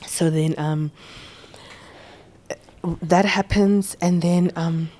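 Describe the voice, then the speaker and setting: A young South African woman with an isiZulu-mixed accent, telling a personal story as a podcast guest, halting and repeating words as she goes. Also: on the low side, steady tone, warm tone. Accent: South African, mixing isiZulu and English. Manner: halting, stammering repetitions; switches between English and isiZulu mid-sentence.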